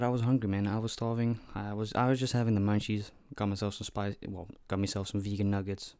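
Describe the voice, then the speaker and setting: A man's voice: fairly low pitch, fairly even intonation, quick pace, hardly any pauses, a little mellow, clear, resonant tone, dry recording. An eighteen-year-old man telling a story on his vlog, chatty and loose, with frequent swearing. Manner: loose, profane, chatty retelling. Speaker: vlogger.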